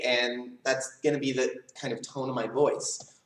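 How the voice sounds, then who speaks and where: Man, karate instructor, calm and serious with students, mid-pitched, echoey room. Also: unhurried, distant mic. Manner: calm, earnest, talks straight to kids. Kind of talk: live online leadership class. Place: karate school. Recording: roomy, mic set back.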